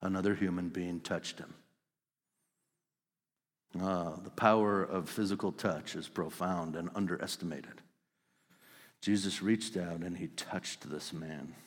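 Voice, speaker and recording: A man preaching a sermon, telling the story vividly and swinging between loud outbursts and hushed lines. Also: deep voice, fairly even intonation, unhurried, pauses often, long reverb tail. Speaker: pastor.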